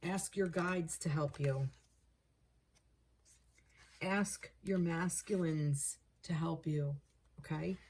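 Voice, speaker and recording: A woman giving a casual tarot card reading, thinking aloud, repeating herself and getting excited over the cards. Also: deep voice, takes it slowly, long pauses, breathy edge. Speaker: tarot reader.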